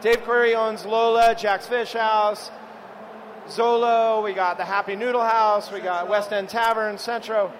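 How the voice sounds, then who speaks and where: Chatty high-voiced male chef. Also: level tone, measured pace, a little hiss or hum, low-quality recording. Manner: chatty, storytelling, addresses the audience. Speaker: chef giving a cooking demo. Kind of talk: live cooking demo with banter. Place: live event with an audience.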